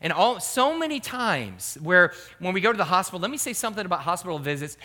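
A man's voice: high-pitched, big pitch swings, quick pace, sharp tone, slight background noise. A middle-aged man, a pastor, giving an earnest, emphatic sermon.

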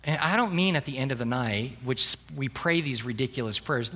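A man's voice: medium pitch, big pitch swings, moderate pace, few pauses, fairly bright tone, slightly rough. A middle-aged man preaching a sermon as a pastor, telling humorous stories with asides to the congregation.

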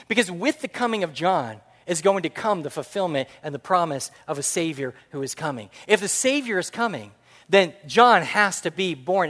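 Animated preacher in a reverberant hall. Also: male voice, high-pitched. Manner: animated, jokey, swings from loud punchlines to quiet earnest points. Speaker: pastor. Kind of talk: sermon.

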